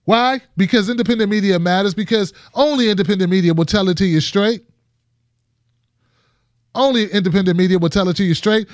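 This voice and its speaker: A man's voice: high voice, brisk, no echo, studio quality. A man hosting a political commentary show, talking casually and emphatically to his viewers and often repeating phrases. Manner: emphatic and repetitive, restarts phrases.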